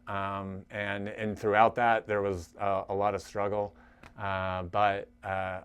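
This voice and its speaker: Man, young adult, deep smooth voice, earnest, halting, recovery group church talk. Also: fairly bright tone. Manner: earnest, halting, frequent restarts.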